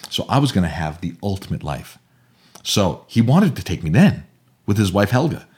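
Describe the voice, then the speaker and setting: An older man from Germany, a storyteller guest telling a childhood tale theatrically, acting out voices and swinging from hushed to loud. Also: low-pitched, big pitch swings, normal speed, slightly rough. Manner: theatrical, acts out voices, swings from whispers to shouts. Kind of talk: animated oral storytelling.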